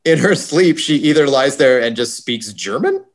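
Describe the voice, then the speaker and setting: Um homem num podcast comentando um filme num papo descontraído, brincando e fazendo imitações rápidas. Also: male voice, mid-range voice, big pitch swings. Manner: jokey, does quick impressions. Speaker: podcast co-host. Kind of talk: casual movie review chat.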